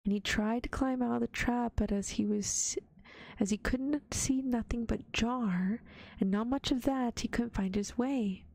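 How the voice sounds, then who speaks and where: A woman reads a children's story in a gentle ASMR whisper, taking her time. Her voice sits a little high and the recording is close and dry. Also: no echo. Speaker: vtuber storyteller. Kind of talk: soft ASMR storybook reading.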